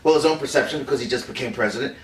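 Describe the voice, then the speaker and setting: An actor playing an older film director who recalls a secret White House meeting, telling it haltingly with many fillers and restarts. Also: male voice, mid-range voice, natural voice. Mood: hesitant. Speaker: actor in a staged confession. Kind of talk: rehearsed improvised storytelling. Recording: roomy, distant mic, faint room noise.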